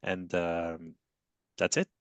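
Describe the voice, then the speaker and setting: Low-voiced Frenchman, halting with fillers. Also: flat delivery, clean tone, dry recording. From France. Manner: halting, many fillers and restarts, self-deprecating. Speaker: agency CEO panelist. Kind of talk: panel discussion.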